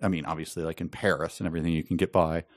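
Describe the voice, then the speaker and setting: A man's voice: low voice, level tone, racing, no room sound, studio quality. A man co-hosting a podcast, chatting casually about a book and reading passages aloud in mocking voices. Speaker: podcast co-host. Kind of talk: casual book-discussion chat.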